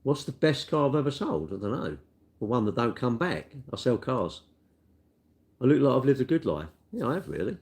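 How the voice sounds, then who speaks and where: A man's voice: medium pitch, big pitch swings, moderate pace, darkish tone. A middle-aged man, a car dealer chatting casually on a live stream and answering viewer comments in a rambling way. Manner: chatty, rambling, tag questions like "innit".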